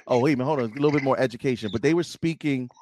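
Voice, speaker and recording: A man from Philadelphia hosting a podcast, bantering in a playful, teasing way and breaking into loud, excited outbursts. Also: medium pitch, racing, slight background noise. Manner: animated, rising to loud exclamations. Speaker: podcast host. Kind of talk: casual podcast chat.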